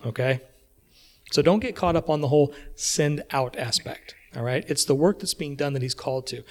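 A man with an American accent preaching a sermon in a church, talking conversationally and often checking in with his listeners. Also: mid-range voice. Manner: conversational, checks in with frequent "okay?".

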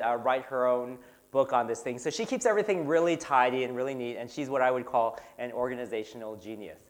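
A middle-aged man giving a humorous, self-deprecating talk to a church group, chatty and full of fillers. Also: medium pitch. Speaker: guest speaker at a church retreat.

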